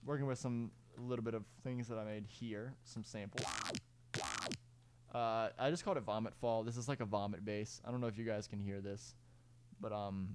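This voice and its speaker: A man's voice: fairly low pitch, fairly even intonation, moderate pace. Rambling young man explaining a music project. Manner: rambling, self-correcting, fillers and sung beat sounds. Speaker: music producer giving a tutorial. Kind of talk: casual screen-recorded tutorial. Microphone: clip-on mic.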